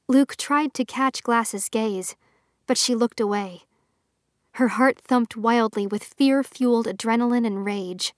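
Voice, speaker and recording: A woman narrating a young adult novel in a steady, expressive audiobook reading. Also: a little high, a little slow, dry recording, studio quality.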